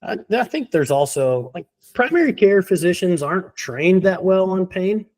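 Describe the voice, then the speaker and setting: A man in an interview, confidently explaining why pain is a sign of a deeper problem, with a laugh now and then between points. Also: animated, moderate pace, darkish tone. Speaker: physical therapy guest. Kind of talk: conversational interview.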